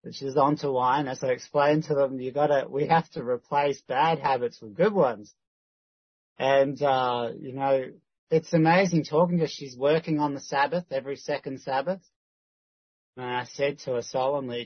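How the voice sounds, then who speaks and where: A man gives a rambling, casual update and keeps restarting his sentences. His voice is husky and the recording is dry. The sound is dull and lo-fi. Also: mid-range voice, steady tone, normal speed, no room sound. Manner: rambling, with many restarts and quoted dialogue. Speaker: church member giving a prayer update.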